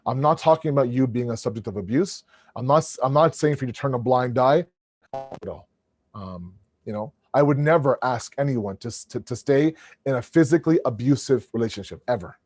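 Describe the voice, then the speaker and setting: Over a video call, a man with a booming voice delivers an animated religious lecture to his family, often restarting his words. He talks briskly, and the studio-quality audio has no echo.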